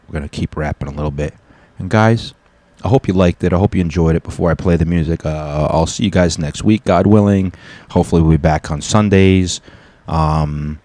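A man's voice: low voice, mellow, dry recording. A man hosting his own solo comedy podcast from home, talking loosely and profanely in a rambling way. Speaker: podcast host and stand-up comic. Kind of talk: casual solo podcast chat. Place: home apartment.

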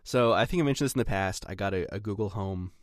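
Very deep-voiced man, dry and close. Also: dry recording. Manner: chuckling, quick questioning listener. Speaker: podcast co-host. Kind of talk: casual tech chat.

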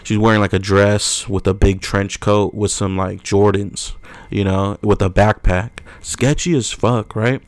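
An animated young man tells a story in a casual podcast chat. His voice sits fairly low, and he jumps up loud when he acts out what people said. The sound is close and dry. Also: a little slow, no room sound. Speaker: podcast co-host.

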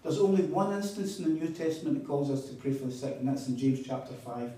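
A man's voice: mid-range voice, animated, quick pace, mellow. A man preaching a sermon, telling stories with emphatic repeats. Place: hall at a retreat. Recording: echoey hall, mic far off.

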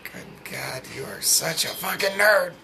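Bright-voiced, profane podcast host. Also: male voice, sits high, unhurried, vocal fry, slight background noise. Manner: loose, profane and laughing. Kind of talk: casual chat.

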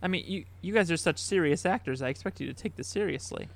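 A man hosting a casual chat, talking in halting bursts and laughing at himself. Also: on the high side, gravelly. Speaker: podcast host.

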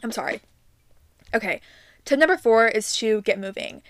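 A woman's voice: on the high side, animated, normal speed, no room sound, studio quality. A young adult woman hosting her own podcast, giving casual upbeat advice with many ums and likes. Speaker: podcast host.

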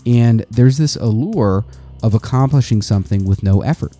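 A young adult man hosting a podcast, reading quotes aloud and riffing on them in a profane, animated way. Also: lowish voice, moderate pace, soft background music. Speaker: podcast host. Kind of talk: casual podcast commentary.

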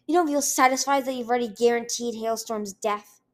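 A woman's voice: a little high, fairly quick, natural voice. Icicle, a woman putting on a snarling sleepless ice dragoness. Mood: bitter. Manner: snarling, spitting, bitter. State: sleepless, wounded. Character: fierce exhausted young female ice dragon.

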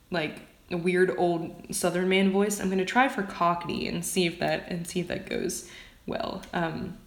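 A woman with a slightly low voice reviews a book in an unscripted ramble. She hedges and restarts constantly with fillers and drops the odd swear word. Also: echoey room. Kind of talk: casual vlog rant.

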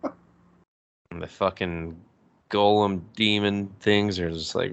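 Gravelly low-voiced man, profane and jokey. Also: fairly even intonation, fairly bright tone. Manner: profane, acts out characters' lines in quick voices. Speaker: podcast co-host. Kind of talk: casual chat recapping an anime.

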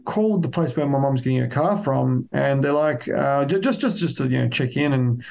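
A man's voice: mid-range voice, expressive, moderate pace, vocal fry, darkish tone, dull audio. A man chatting casually as a podcast co-host, rambling with lots of restarts. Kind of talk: casual chat.

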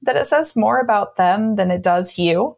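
A woman's voice: medium pitch, animated, moderate pace, gravelly, darkish tone. A woman speaking in an interview as a burlesque performer, frank and sassy, with many ums and frequent laughs. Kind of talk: candid interview talk.

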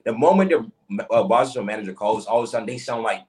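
A man's voice: fairly low pitch, expressive, a little mellow. A young man in a heated group discussion, making his case emphatically and saying "bro" often. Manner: fast, emphatic, peppered with "bro". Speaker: debate participant.

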